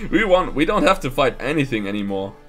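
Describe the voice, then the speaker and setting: A man streaming a video game, chatting casually and reading its dialogue aloud in changing voices, laughing often. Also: mid-range voice. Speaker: VTuber gaming streamer.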